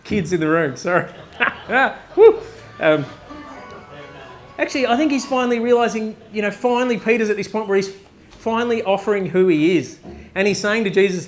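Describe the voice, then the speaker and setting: A man with an Australian accent preaching a casual, joking sermon at a live chapel service, often tossing in a quick "right?" to the crowd. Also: high-pitched. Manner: conversational, joking, frequent "right?" asides. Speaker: pastor.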